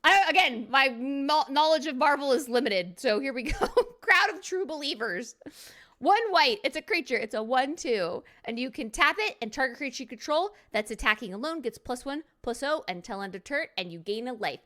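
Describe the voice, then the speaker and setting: Woman streamer, goofy card review, bright crisp tone, a bit high. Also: lively intonation, a little fast, hardly any pauses. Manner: goofy, playful, silly threats and jokes. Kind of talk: casual card review commentary.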